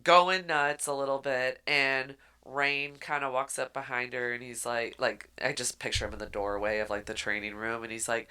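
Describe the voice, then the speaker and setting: A woman co-hosting a podcast, recapping a book in animated, casual chat. Her voice sits low but sounds bright and forceful. She slips into voices as she retells scenes. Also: moderate pace, hardly any pauses, clean tone. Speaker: podcast co-host.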